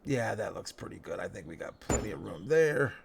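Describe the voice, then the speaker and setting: A man, sounding stuffed up, giving relaxed, rambling commentary over a game as a let's play host, talking half to himself with folksy phrases. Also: lowish voice, brisk, vocal fry, noisy background. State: stuffed up nose. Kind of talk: casual gameplay commentary.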